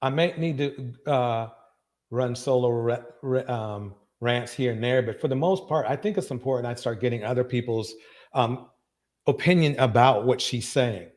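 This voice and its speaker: A man hosting a live reaction stream. He talks with emphasis, repeats his phrases and breaks into loud bursts of agreement. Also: mid-range voice, normal speed. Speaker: livestream reaction host.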